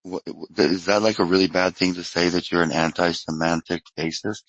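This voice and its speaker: Guy, lowish bright voice, dry close sound, loose joker in a group chat. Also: fairly even intonation, moderate pace, no echo, lo-fi sound. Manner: joking, loose and slangy. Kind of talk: casual online group chat.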